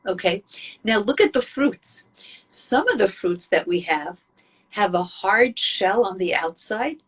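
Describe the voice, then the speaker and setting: Breathy woman giving an inspirational talk. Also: mid-range voice. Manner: storytelling, emphatic and earnest. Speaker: Jewish women's speaker.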